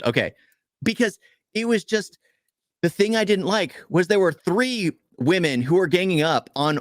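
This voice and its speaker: Exasperated man ranting, a bit high. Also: dry recording, clean studio sound. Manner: animated, exasperated, rapid complaining. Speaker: podcast co-host. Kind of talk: casual movie review rant.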